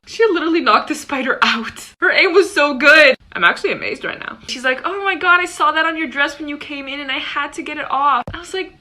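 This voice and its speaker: A woman telling a childhood story time in a casual, animated, playful way. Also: fairly high pitch.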